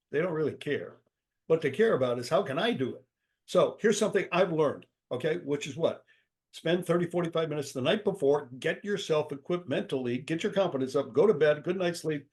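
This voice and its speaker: An older man, a guest author and speaker from the United States, giving advice in a lively interview, acting out quotes with sudden jumps in his voice. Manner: animated, acts out quotes with sudden pitch jumps.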